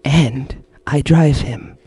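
A man voicing a creepy male spirit that claims to possess people, speaking slowly in a drawn-out, eerie way. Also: medium pitch, very noisy. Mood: sinister.

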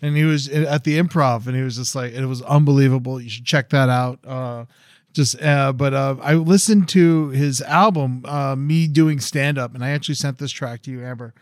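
A man's voice: mid-range voice, steady tone, moderate pace, no room sound, studio quality. A man co-hosting a podcast in casual chat, rambling with many fillers. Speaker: podcast co-host.

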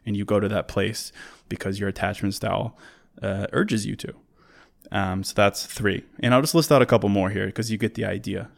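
A man with a low, gravelly voice hosts a solo talk on relationships. He speaks in a conversational, earnest way and walks through his points one by one, often restarting a word as he goes. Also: steady tone, moderate pace. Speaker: relationship advice host.

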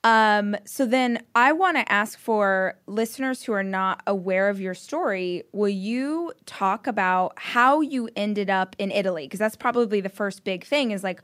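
A woman's voice: mid-range voice, a little slow, hardly any pauses, dry recording, clean studio sound. A woman hosting a podcast, chatting casually with many fillers as she asks a question. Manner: chatty, filler-heavy, warm laughs. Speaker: podcast host. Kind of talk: casual interview chat.

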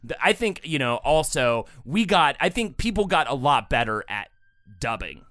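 A man's voice: mid-range voice, very animated, moderate pace, a bit bright, no room sound. A man co-hosting a film podcast, talking casually and rambling with many restarts. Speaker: podcast co-host.

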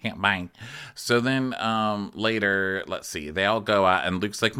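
Guy podcast host doing a campy reality tv recap, bright edgy voice, kinda low. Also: unhurried, clear, resonant tone. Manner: campy, acts out quotes in mocking high voices. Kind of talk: comedic recap chat.

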